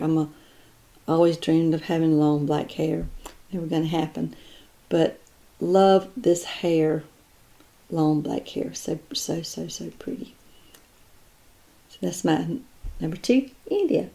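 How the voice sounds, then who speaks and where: A woman's voice: fairly low pitch, warm tone. A woman chatting casually as she shows off her doll collection, admiring each piece and thinking aloud. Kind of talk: casual unboxing chat.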